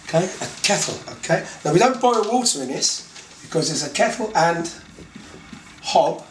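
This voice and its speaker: A Cockney London man teaches slang in a relaxed, chatty lesson, stretching out key words and checking in after nearly every line. His voice sits a touch high. The sound is roomy and echoey, with a faint hum of ambience behind him. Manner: chatty, repeats "okay" often, slow deliberate words. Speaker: English teacher.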